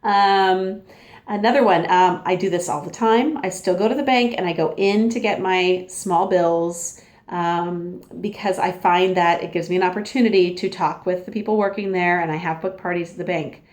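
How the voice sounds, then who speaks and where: A woman's voice: lowish voice, moderate pace. A woman giving a casual, upbeat training talk as a sales consultant, chatty and acting out little dialogues. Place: home.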